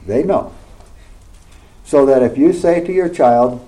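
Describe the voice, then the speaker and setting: A man's voice: medium pitch, slow, long pauses, mellow, rough recording. A middle-aged man preaching a sermon in a conversational way, often checking in with his listeners through rhetorical questions.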